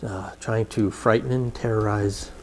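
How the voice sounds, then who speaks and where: A man's voice: lowish voice, steady tone, unhurried, a little hiss or hum. A middle-aged man co-hosting a casual talk show, reading movie blurbs and cracking dry jokes. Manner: dry, joking asides. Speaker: co-host. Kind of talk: casual chat and movie preview.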